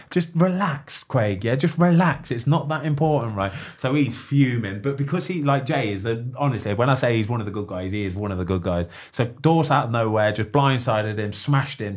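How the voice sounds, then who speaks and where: A man co-hosting a podcast who tells animated anecdotes and laughs often. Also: medium pitch, moderate pace, hardly any pauses. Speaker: podcast co-host. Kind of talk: casual podcast chat.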